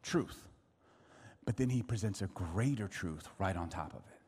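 A middle-aged man preaching a sermon, telling stories in an animated way and acting out other people's voices. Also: on the low side, normal speed, slightly rough. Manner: animated storytelling, acts out voices and laughs. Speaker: pastor. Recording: long hall reverb.

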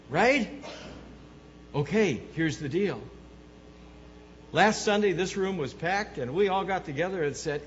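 A man preaches in a church sanctuary, his fairly high voice trailing off into a long reverb. He is emphatic, rising into loud bursts and dropping to low, earnest stretches. The recording is dull and slightly muffled, with a faint hum underneath. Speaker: pastor. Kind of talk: sermon.

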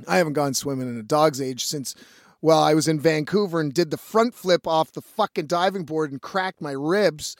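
A man's voice: fairly high pitch, moderate pace, no echo, clean studio sound. A male musician telling a rambling story in a casual monologue, swearing often and laughing as he goes.

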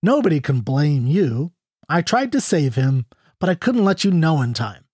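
Young cowboy, smooth-talking and sly, read by a man; earnest and gently mournful, slightly raised voice. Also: on the high side, sing-song, moderate pace, no room sound, clean studio sound. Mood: earnest, sorrowful.

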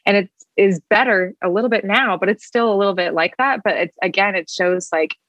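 A woman's voice: mid-range voice, fairly quick, a bit bright, no room sound, rough recording. A young woman in casual, earnest talk about her faith over a video call, rambling with many fillers and getting emotional. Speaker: guest.

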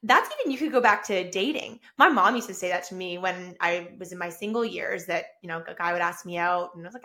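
With a fairly low pitch and a brisk pace, a woman runs her solo podcast, recording on her own camera and mic. Her talk gushes with upbeat excitement, wandering along with frequent restarts.

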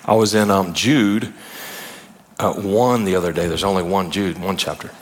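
A man preaching a sermon in a conversational style, breaking into animated asides and playful retellings. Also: low voice, moderate pace. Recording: long hall reverb.

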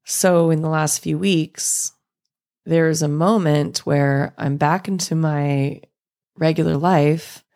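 A woman in her thirties hosting a reflective solo podcast, speaking gently and thoughtfully with soft laughs. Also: deep voice, gravelly. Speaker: podcast host.

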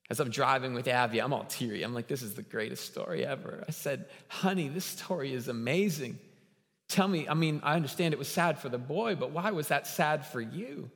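A man in his thirties preaching a sermon as a guest pastor, telling stories and building to loud, emphatic peaks. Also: mid-range voice, fairly quick, creaky. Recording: long hall reverb.

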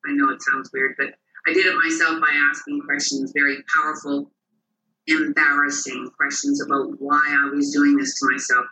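Speaking at normal speed in a mid-range voice, an interview guest recounts personal stories with animation, acting out the voices of those he quotes. The recording has a roomy, faraway quality.

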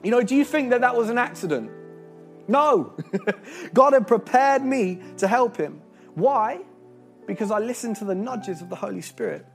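A young man preaching a sermon, earnest and animated, telling stories with restarts and laughs. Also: very high voice, moderate pace, creaky, soft background music. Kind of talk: sermon with storytelling.

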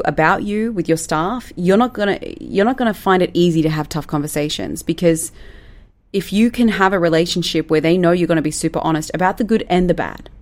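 A woman, giving casual, direct advice to managers and acting out quoted dialogue in a playful way. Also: on the low side. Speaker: business coach for managers.

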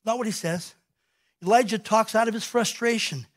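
A male pastor preaching a sermon, telling a scripture story in an animated way and acting out the quoted lines. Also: sits high, normal speed.

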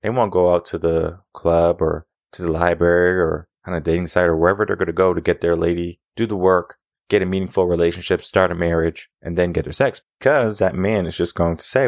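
A man's voice: deep voice, fairly even intonation, a little fast, no room sound, studio quality. A young adult man hosting a podcast, giving an opinionated monologue full of rhetorical questions. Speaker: podcast host.

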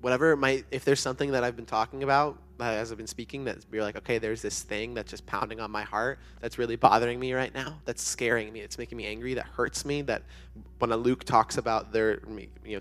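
A man's voice: medium pitch, fairly bright tone. A young man preaching to a youth group in a church room, earnest and conversational, with many fillers. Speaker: youth pastor. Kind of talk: sermon to students.

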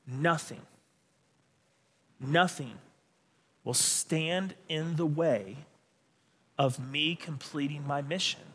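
Man playing a resolute teacher, slow and firm, forceful, big hall echo. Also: on the high side, slightly rough, full character voice. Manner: slow, firm, emphatic pronouncement.

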